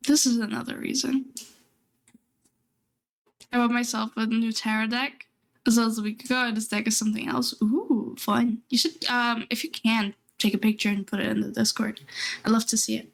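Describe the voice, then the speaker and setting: A woman's voice: a little high, little pitch movement, normal speed, creaky. Chatty young woman streamer. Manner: chatty and rambling, often laughing. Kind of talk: casual chat.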